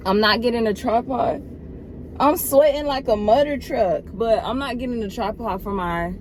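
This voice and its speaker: A woman's voice: fairly high pitch, normal speed, slight background noise. A young woman, a college student, chatting playfully to her viewers in a casual vlog, filming herself on a handheld phone outdoors and in a car. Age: young adult. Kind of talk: casual vlog chat to camera. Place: outdoors on a windy day, then in a car.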